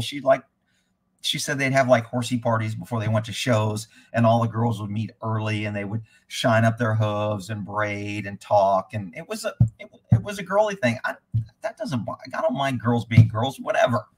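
Blunt, husky horse trainer man. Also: lowish voice, normal speed. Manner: blunt and rambling, swears freely. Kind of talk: live commentary on riding footage.

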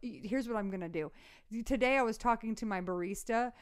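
A woman's voice: on the high side, fairly quick, clean tone, close to an everyday voice. A woman voicing a scatterbrained, oblivious woman who rambles and stammers through a phone chat. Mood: rambling.

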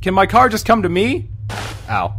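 A man's voice: high-pitched, wildly swooping pitch, moderate pace, sharp tone, a little hiss or hum. A man hosting a let's play of a horror game, jumpy and exclaiming, talking to his viewers as folks.

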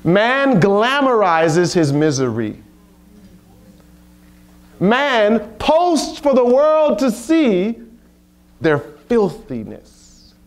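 Animated, high-pitched man preaching slowly. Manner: animated, with rhetorical questions and playful asides. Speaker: Bible study leader. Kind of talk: informal preaching at a retreat.

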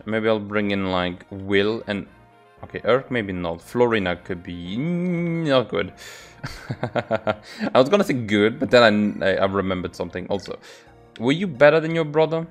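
A man hosting a let's play, musing aloud in casual commentary as he picks his units. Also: on the low side. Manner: musing aloud, unhurried, trailing off.

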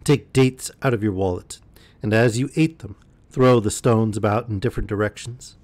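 A man reading aloud, voicing a huge, furious male genie with slow, solemn threats. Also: fairly low pitch, a little mellow, natural voice. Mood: menacing.

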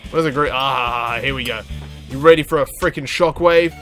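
A young man commentating his gameplay, excitable and swearing, breaking into sudden high yelps and laughter. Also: normal speed, faint music behind. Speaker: let's play gamer.

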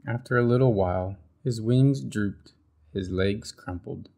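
A man reading a children's picture book aloud with expressive storybook delivery. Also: lowish voice, unhurried, creaky.

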